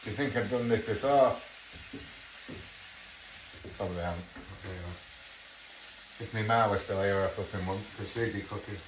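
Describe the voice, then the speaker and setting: A middle-aged English home cook talks at normal speed in a lowish voice, pausing often as he chats through a casual cooking vlog in his kitchen and occasionally swearing quietly. The audio is noisy and echoey, with the mic set far away.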